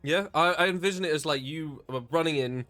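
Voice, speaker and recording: This dungeon master has a fairly quick, pushed, bright voice on the high side. He narrates the tabletop game's action haltingly, filling it with ums and laughing often.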